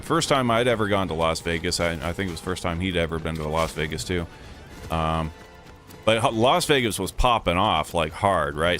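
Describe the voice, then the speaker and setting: A man's voice: lowish voice, a bit bright. A man telling a loose, profane story in a casual vlog, full of "like" and "dude", sitting inside a vehicle. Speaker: vlogger. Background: music playing.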